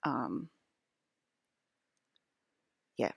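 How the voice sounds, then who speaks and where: A woman's voice: drawn-out words, dry recording, studio quality. A woman rambling to her viewers in a loose monologue, full of restarts and sudden topic drifts. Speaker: broadcaster.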